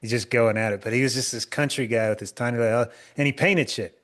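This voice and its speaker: A man's voice: medium pitch, quick pace, a bit bright. A man telling stories in casual podcast chat, acting out the people he quotes and laughing along. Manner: storyteller, acts out quoted people, laughs often. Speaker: podcast co-host.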